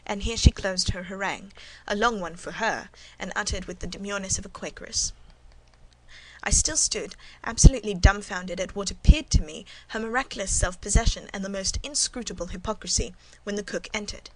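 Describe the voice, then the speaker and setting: A woman narrates a classic novel in the first person with an even, measured delivery. Her voice sits at a middle pitch for a woman. It has the steady pacing of a scripted audiobook. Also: slight background noise, poor audio.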